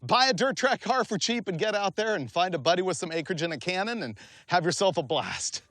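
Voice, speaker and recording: A man's voice: sits high, expressive, fairly quick, a bit bright, dry recording, clean studio sound. A middle-aged man co-hosting a car show, chatting casually and commentating, enthusiastic and laughing. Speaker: show co-host. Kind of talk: casual chat and race commentary.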